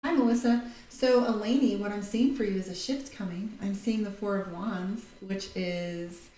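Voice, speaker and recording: Reading tarot live and casually, this woman of Irish heritage speaks with a mellow, medium-pitched voice at a moderate pace. She's blunt and chatty, reads viewer comments aloud and sometimes swears; the room echoes with faint background noise.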